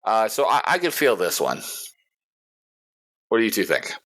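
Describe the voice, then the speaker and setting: Low-voiced man ranting on a podcast. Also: very animated, moderate pace, a bit bright. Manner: profane, ranting, laughs often. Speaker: podcast host. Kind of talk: casual podcast chat.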